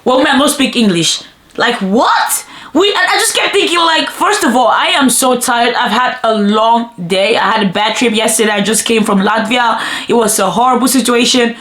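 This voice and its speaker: A woman of twenty telling a personal story in a chatty, animated vlog style, often addressing viewers as "bro" and "guys". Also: a little high, normal speed, echoey room. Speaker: vlogger.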